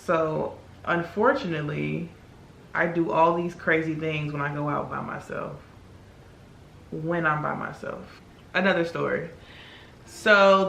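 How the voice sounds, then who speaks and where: A woman's voice: sits low, vocal fry, a little hiss or hum. A young woman telling a story in a casual, chatty way while doing her makeup. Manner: chatty, animated, acts out quoted voices. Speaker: beauty vlogger. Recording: echoey room.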